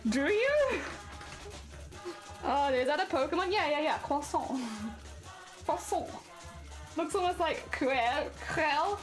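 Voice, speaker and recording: A woman's voice: sits high, expressive, a little slow, long pauses, faint music behind. A young woman streaming casually, chatting and giggling with her viewers while she crafts at home. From Britain. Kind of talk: casual live-stream chat.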